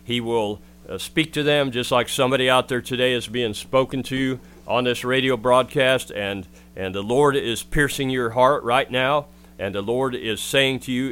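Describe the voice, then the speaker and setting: Guy preaching on the radio, earnest, pleading tone, mid pitch, really clear voice. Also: normal speed, a bit bright. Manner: earnest, pleading exhortation with scripture readings. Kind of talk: radio sermon.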